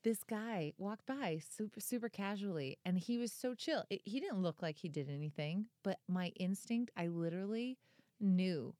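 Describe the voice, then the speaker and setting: A woman of about thirty, a podcast co-host and author, chats casually and tells an energetic story full of fillers and swearing. Her mid-range voice is animated and dark in tone, at a moderate pace. The recording is dry.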